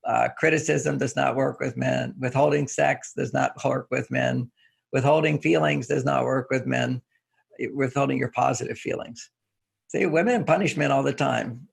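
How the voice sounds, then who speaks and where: An older man, a relationship author, explaining ideas in an interview with relaxed anecdotes and repeated key phrases. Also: medium pitch, normal speed, vocal fry, slightly rough.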